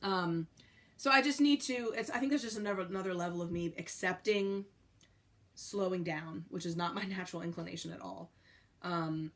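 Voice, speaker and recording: A woman's voice: fairly low pitch, normal speed. A young pregnant woman talking candidly to the camera in a rambling, casual way, with many fillers. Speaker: pregnant vlogger.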